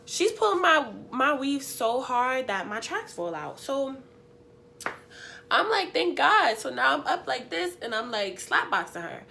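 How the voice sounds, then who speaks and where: A young woman vlogger, sniffly and unwell, telling a story in an animated, slangy, emphatic way. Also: sits high, moderate pace, creaky, few pauses. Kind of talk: story time.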